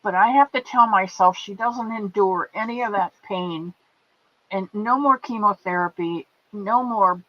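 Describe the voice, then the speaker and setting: A woman's voice: medium pitch, a little slow. A woman hosting a casual livestream, greeting viewers by name with affectionate pet names as she reads their comments. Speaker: livestream host. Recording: dull lo-fi stream audio.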